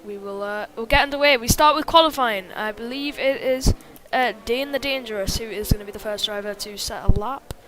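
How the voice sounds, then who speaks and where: Female sim-racing commentator, somewhat high-pitched, casual and filler-heavy. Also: fairly quick, fairly bright tone. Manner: chatty, many fillers, reads chat. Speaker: race commentator.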